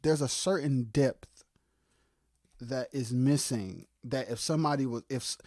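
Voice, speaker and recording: A livestream co-host giving impassioned commentary on music production. They get fired up and shout, then drop into quiet asides, and repeat phrases for emphasis. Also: medium pitch, a little slow, dry recording, clean studio sound. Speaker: co-host of a live music talk stream.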